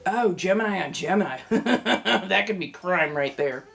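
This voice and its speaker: A woman's voice: medium pitch, animated, unhurried, gravelly, background noise. A woman with a Californian accent chatting casually on a livestream, rambling from one thought to the next and welcoming viewers as they come in. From California, United States. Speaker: livestream host.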